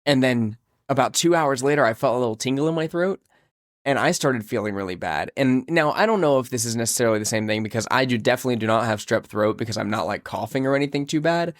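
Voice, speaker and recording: A young man co-hosting a podcast, casually telling a story in an animated way while sick and feeling weak. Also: mid-range voice, quick pace, dry recording, studio quality. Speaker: podcast co-host. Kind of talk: casual chat.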